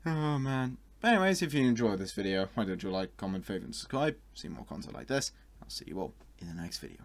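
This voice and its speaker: Excitable young man, lowish voice. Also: fast, slight background noise. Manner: excitable, bursts into high exclamations, laughs often. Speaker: YouTuber reacting to online art. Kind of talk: casual reaction commentary.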